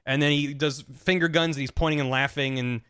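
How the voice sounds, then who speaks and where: A young male streamer rambling through a casual plot recap, full of ums and restarts. His voice sits a bit high for a man. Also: fairly even intonation, brisk, a bit bright, smooth. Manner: rambling, chatty, frequent fillers and restarts. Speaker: streamer host.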